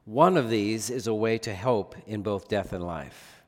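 A pastor preaches an earnest sermon in a lowish, unhurried voice, often putting rhetorical questions to his listeners. The recording has the long reverb of a large hall.

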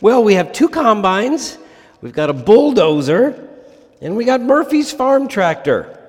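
A man voicing a cheeky Irish pub man on the phone, putting on a high, loud Irish voice. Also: sing-song, unhurried, full character voice. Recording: long hall reverb.

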